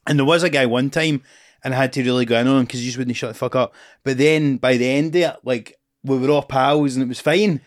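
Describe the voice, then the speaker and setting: A man's voice: mid-range voice, steady tone, fast, no echo. A young Scottish man, a comedian, telling a sweary anecdote while chatting in a podcast studio. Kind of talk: casual chat, storytelling.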